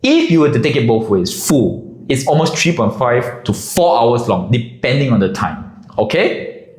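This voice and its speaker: A man telling a comic story in a casual, animated way. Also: medium pitch, a little slow, reverberant, poor audio. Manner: animated, drops into character voices.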